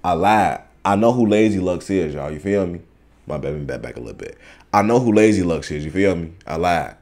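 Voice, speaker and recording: A young man hosting a reaction video, talking in a casual, slangy, excitable way straight to his viewers and to the video on screen. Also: deep voice, a little fast.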